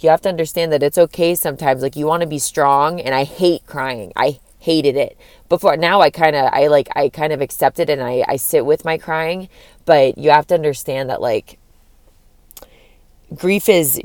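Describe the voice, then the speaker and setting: A woman's voice: low-pitched, a little mellow, dry recording. A young woman talking candidly in a casual vlog, rambling with lots of "like" and swearing freely. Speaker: vlogger giving breakup advice.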